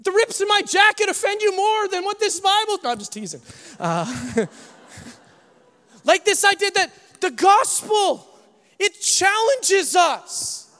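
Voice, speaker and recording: A very high-pitched man preaches in a church, his voice trailing a long reverb through the hall. He swings from hushed, earnest phrases to shouted ones and slips in quick jokes to the congregation. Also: very animated. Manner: jokey asides to the congregation. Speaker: pastor. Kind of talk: sermon.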